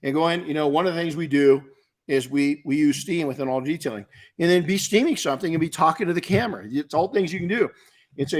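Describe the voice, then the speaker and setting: A man's voice: a little high, lively intonation, brisk. A middle-aged man from the United States hosting a podcast, answering listener questions in blunt, emphatic, repetitive coaching talk. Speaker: podcast host and detailing business coach. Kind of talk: casual Q&A advice talk.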